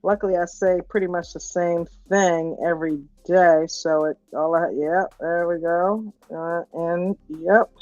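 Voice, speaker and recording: A woman's voice: fairly low pitch, steady tone, a little slow, hardly any pauses, a little mellow, no echo, faint music behind. A woman hosting a casual live stream, upbeat and greeting viewers one by one. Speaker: livestream host. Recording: dull, lo-fi stream audio.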